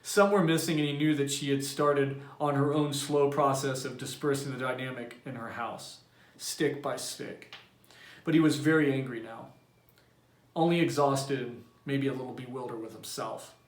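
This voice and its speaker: A man, a teacher, reading a novel aloud to his class in a plain, steady storytelling voice. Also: medium pitch, moderate pace. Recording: roomy echo.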